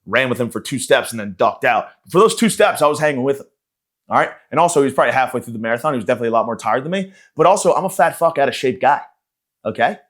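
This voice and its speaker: A man's voice: mid-range voice, lively intonation, very fast. Profane ranting man podcaster. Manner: profane, sarcastic, rambling. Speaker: comedian podcast host. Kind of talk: ranting comedic monologue.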